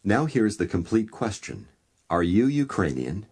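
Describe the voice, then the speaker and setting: A man narrating a language course in a calm, measured instructor's manner, prompting the learner to repeat. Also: lowish voice, breathy edge.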